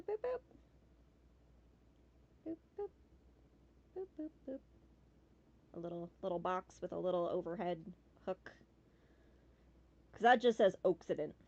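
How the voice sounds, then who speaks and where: A woman's voice: mid-range voice, darkish tone. A woman giving casual, chatty commentary while playing a game demo, talking with bursts of swearing and playful silly noises. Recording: slightly dull lo-fi sound.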